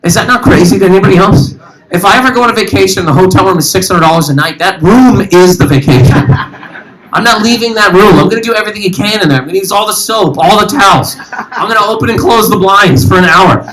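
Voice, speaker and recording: Male stand-up comic, high voice, animated and rambling, works the room. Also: quick pace, low-quality recording. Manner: animated, rambling, talks to the audience. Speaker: stand-up comedian. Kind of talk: stand-up comedy with crowd work. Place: live comedy venue.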